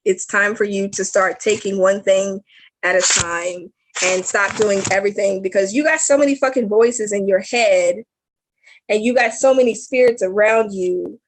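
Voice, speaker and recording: A woman's voice: mid-range voice, moderate pace, rough recording. A woman giving psychic readings on a casual live stream, blunt and swearing, laughing at her own slips. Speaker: psychic reader.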